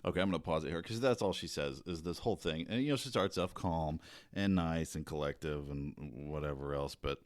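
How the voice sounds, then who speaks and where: A man hosting his own show, talking casually in a rambling, halting way with restarts. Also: extremely low pitch, no room sound. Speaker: podcast host. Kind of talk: casual solo commentary.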